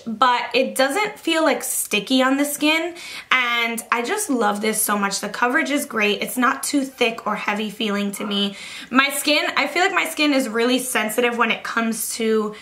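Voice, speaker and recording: Bright, gushing young woman vlogger. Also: a little high. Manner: chatty and gushing, heavy use of "like" and "literally". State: slightly out of breath. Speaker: beauty vlogger. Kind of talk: casual makeup review vlog.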